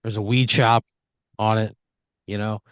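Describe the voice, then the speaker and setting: Low-voiced man narrating a rambling improv scene. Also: level tone, measured pace, clean tone, no room sound. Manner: rambling, lots of "like" and "you know". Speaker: host running the improv story. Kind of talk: improvised second-person storytelling.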